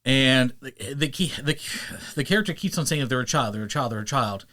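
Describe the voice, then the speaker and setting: A man hosting a podcast and chatting casually, animated and quick to slip into playful voices; he narrates audiobooks. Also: medium pitch. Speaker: podcast host. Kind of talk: casual chat.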